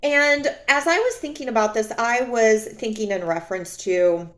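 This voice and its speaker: Brief: woman vlogger with a fairly high voice, a candid reflective monologue that circles back on key phrases. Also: normal speed, a bit bright. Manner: candid, repeats phrases for emphasis; speaks from her own experience.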